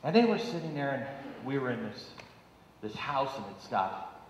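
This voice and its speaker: A middle-aged man giving a sarcastic, animated live stage monologue, mocking people by putting on their voices. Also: mid-range voice, moderate pace, slight background noise. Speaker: political commentator on stage. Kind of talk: live stand-up style monologue. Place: large auditorium stage. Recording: echoey hall audio from far off.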